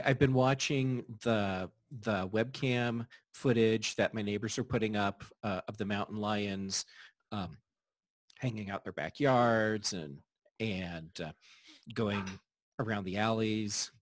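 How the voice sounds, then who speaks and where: A man speaks as a guest on a video-call panel, halting and restarting his words as he goes. His voice is slightly low. The audio is dry and close. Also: no echo. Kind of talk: casual chat over video call.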